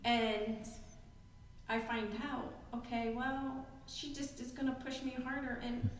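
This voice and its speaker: A woman with a somewhat high voice chats casually as a podcast guest and pokes fun at her own fitness. Her voice rings with a long reverb in a roomy space, and a faint hum sits underneath. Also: steady tone, measured pace. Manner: chatty, self-deprecating. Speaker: gym member and podcast guest. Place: gym. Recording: echoey room with long reverb.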